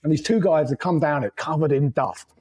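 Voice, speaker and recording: A man's voice: fairly high pitch, brisk, darkish tone, slightly rough, poor audio. A man, a podcast guest telling road stories in a loose, rambling way, laughing and swearing as he goes. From England. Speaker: podcast guest, motorcycle traveler. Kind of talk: casual storytelling.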